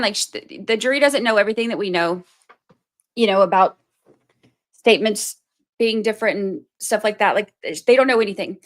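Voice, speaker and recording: A woman's voice: a little high, a bit bright. A woman giving casual live commentary on a trial, chatty and full of fillers, often acting out what people might say. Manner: chatty, heavy use of "like" and "you know", acts out quoted voices.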